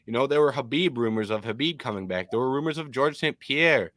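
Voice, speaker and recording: A young adult man from Michigan co-hosting a casual MMA podcast, opinionated and animated with frequent ums. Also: medium pitch, brisk, dry recording, clean studio sound.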